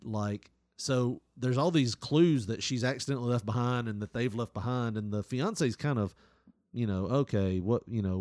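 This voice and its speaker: A man's voice: fairly low pitch, a little mellow, no echo, studio quality. A man, co-hosting a podcast and telling stories in casual chat, laughing often and acting out other people's voices. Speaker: podcast co-host.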